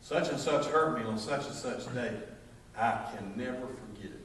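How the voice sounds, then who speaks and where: A man's voice: medium pitch, moderate pace, fairly bright tone. A middle-aged man with a Southern accent preaching a sermon, a folksy storyteller who jokes and acts out voices. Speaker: pastor. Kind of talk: sermon with humorous stories. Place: church sanctuary. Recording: echoey church from far off, faint noise.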